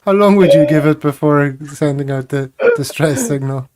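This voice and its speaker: A man's voice: a little high, moderate pace, darkish tone. A man hosting a casual chat, joking and laughing at his own jokes. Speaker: podcast host.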